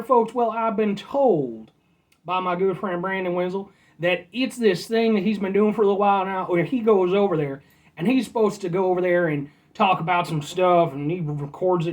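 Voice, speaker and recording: Guy doing a folksy small-town canadian dude, attempted rural canadian accent, rambles, calls everyone folks. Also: sits high. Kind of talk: comic impression.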